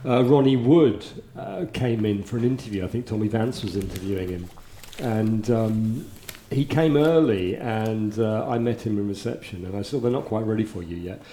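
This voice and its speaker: A man's voice: fairly low pitch, moderate pace, few pauses, mellow, reverberant, a little hiss or hum. A man telling a self-mocking story about his first job. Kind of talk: casual chat, anecdotes.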